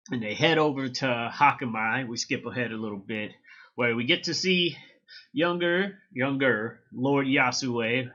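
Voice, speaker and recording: A man casually recapping and reviewing a manga chapter, excited and slangy, swearing freely. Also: mid-range voice, lo-fi sound.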